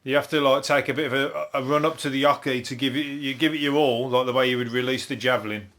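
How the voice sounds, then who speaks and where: A man's voice: mid-range voice, fairly even intonation, fast talker, a bit bright. A man with a Birmingham accent hosting a comedy podcast, rambling through news stories, swearing freely and laughing at his own jokes. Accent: Birmingham (Brummie). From Birmingham, England. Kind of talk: solo comedic news review.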